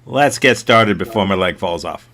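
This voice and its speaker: A man's voice: low voice, animated, normal speed, a bit bright. A man teaching an improv workshop over a video call, joking and self-mocking. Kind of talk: casual workshop talk.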